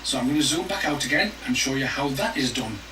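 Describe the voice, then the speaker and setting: A man calmly explaining a paper game's rules step by step and narrating its adventure text. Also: mid-range voice, fast talker. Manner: calm, step by step. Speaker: game player explaining rules. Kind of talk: rules walkthrough and game narration. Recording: roomy distant mic, noisy.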